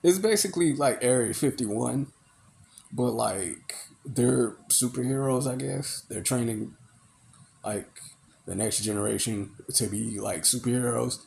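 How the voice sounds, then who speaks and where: A man's voice: mid-range voice, measured pace, vocal fry, darkish tone. A man recapping a movie in a casual, rambling way, full of "you know" and "like". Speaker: movie reviewer.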